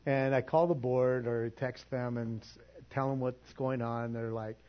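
A middle-aged man preaching to his congregation, telling a story with animated quoted voices before moving into prayer and announcements. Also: mid-range voice, measured pace, lo-fi sound. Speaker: pastor. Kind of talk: sermon. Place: church.

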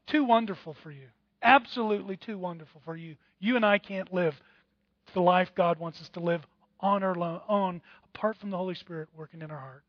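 A pastor preaches with a high, lifted voice, throwing himself into little acted-out voices of other people. The recording is dry and a bit dull, with no room sound. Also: male voice, fairly quick, no echo. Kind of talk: sermon.

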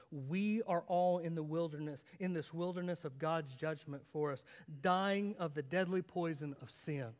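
High-voiced preacher in a reverberant church. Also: male voice. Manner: dramatic, rising and falling intensity, rhetorical questions. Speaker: pastor. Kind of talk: sermon.

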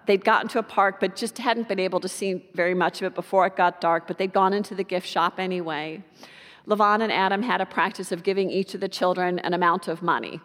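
A woman preacher telling a story in a sermon, in an unhurried, warm anecdotal way. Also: medium pitch, long reverb tail.

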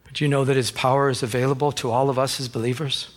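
A man's voice: mid-range voice, level tone, fast. A man preaching a sermon as pastor in a church, emphatic and exhorting.

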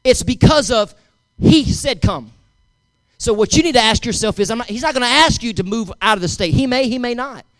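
A man's voice: very high-pitched, animated, brisk, a bit bright, no room sound. A male pastor preaching a sermon, emphatic and repetitive, talking straight to his congregation.

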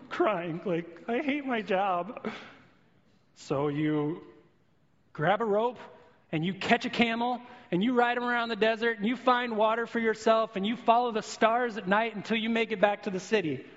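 A male pastor with a notably high voice delivers an earnest sermon, leaning on vivid everyday illustrations. His voice carries a long hall reverb, and the recording sounds dull and lo-fi.

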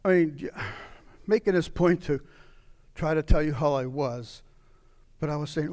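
A middle-aged man preaching a sermon as pastor, with impassioned delivery that swings from raised cries to low, weary murmurs. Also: measured pace, long pauses, a little mellow.

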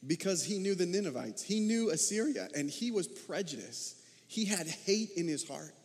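A man delivers a sermon in a fairly high voice. He preaches in a conversational way and keeps turning to the congregation with rhetorical questions. His voice carries a long reverb, as in a large hall. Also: lively intonation, normal speed, a little mellow. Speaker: pastor.

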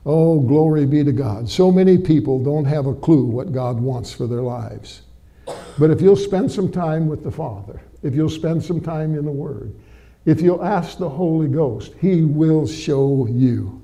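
A middle-aged preacher, a man with a fairly high but deeply mellow, dark-toned voice, delivers a sermon to his congregation. He talks in a folksy, conversational way, sprinkling in amens and little tag questions like he is chatting with old friends from the pulpit. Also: animated, a little slow, vocal fry. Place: church before a live congregation.

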